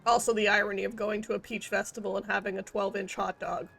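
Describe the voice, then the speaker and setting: A woman's voice: mid-range voice, level tone, quick pace, vocal fry, fairly bright tone, faint music behind. A woman streaming a game, rambling in casual commentary with goofy wordplay and self-mocking jokes.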